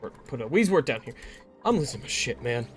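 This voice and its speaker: A man's voice: medium pitch, big pitch swings, quick pace, faint music behind. A man streaming a game, talking to himself, swearing often and getting frustrated. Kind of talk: casual gameplay commentary.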